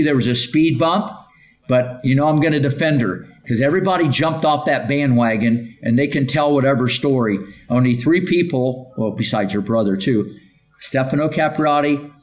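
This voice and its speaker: An older man and tennis coach telling stories in a podcast interview, emphatic and punchy, rattling off lists of names and checking in with "okay?". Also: a little high.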